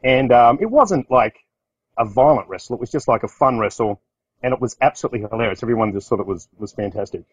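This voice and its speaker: A middle-aged Australian business owner telling casual stories in a rambling way, with restarts and acted-out quotes. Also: male voice, medium pitch, lively intonation, fast, slightly rough, no room sound, muffled recording. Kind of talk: casual storytelling talk.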